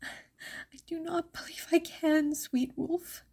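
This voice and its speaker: A woman voicing a frightened, gentle young peasant girl in a soft breathy whisper, with tearful, old-fashioned formal speech, in whispered role-play. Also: extremely high pitch, steady tone, slow, pitched above the performer's own voice, heavily acted.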